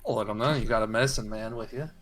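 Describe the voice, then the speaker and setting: Hesitant bright-voiced game player. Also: male voice, lowish voice, fairly even intonation, racing. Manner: hesitant, full of fillers while thinking aloud. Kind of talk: tabletop game role-play.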